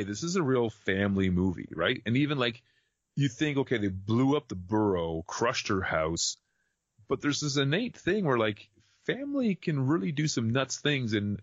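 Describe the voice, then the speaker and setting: Male co-host, lowish voice, relaxed, dull lo-fi mic, no room. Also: normal speed, dry recording. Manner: relaxed, agreeable, asks questions. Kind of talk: casual chat about a film. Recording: dull dry lo-fi sound.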